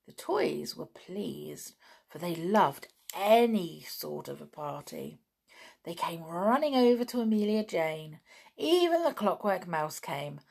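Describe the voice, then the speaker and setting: A woman narrating a children's storybook, expressive, with dramatic gasps and sighs. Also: on the low side, gravelly, breathy edge. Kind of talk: storybook reading.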